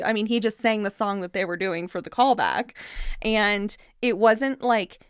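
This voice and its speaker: A woman hosting a podcast in casual chat, quick to agree and fond of mimicking characters. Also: medium pitch, smooth, no room sound, clean studio sound. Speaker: podcast host.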